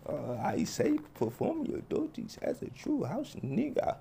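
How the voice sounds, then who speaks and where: A man's voice: high voice, huge pitch swings, measured pace, vocal fry, dark tone, slight background noise, pitched above the performer's own voice, full character voice. A man voicing a timid, overly polite man who speaks with stiff formality in a comedy skit. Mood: meek. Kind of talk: comedy skit with character voices.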